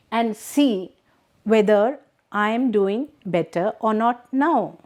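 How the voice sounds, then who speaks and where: A woman's voice: fairly high pitch, darkish tone. A middle-aged woman with an Indian English accent, teaching a class by reading a text and explaining it patiently, asking rhetorical questions.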